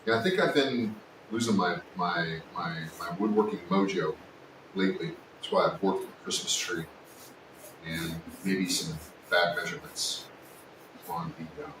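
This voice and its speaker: A man hosting a casual woodworking livestream, chatting and joking with his viewers, sometimes yelling, recorded in a workshop. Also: very animated, unhurried. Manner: joking, teasing, with sudden yells. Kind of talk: casual live-stream chat with viewers. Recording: echoey room, distant mic, faint rumble.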